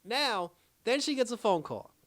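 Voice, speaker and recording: A young man giving a casual, animated review on his own channel, laughing often and restarting his sentences. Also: very high voice, measured pace. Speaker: YouTube reviewer.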